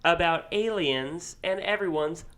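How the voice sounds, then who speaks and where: A man's voice: fairly high pitch, measured pace, a bit bright, smooth. A man co-hosting a casual podcast, loose and jokey, swearing offhandedly. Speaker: podcast co-host. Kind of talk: casual chat.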